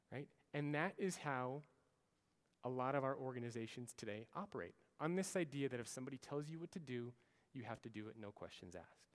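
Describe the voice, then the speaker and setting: An American man in his thirties delivers a storytelling keynote in a large conference hall, animatedly acting out the orders he quotes. His pitch is medium and his pace fairly quick. Long hall reverb trails his words.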